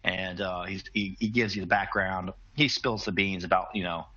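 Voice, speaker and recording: A man's voice: sits low, steady tone, normal speed, sharp tone, dull audio. A man narrating a tabletop role-playing game as game master, in a casual, hesitant way.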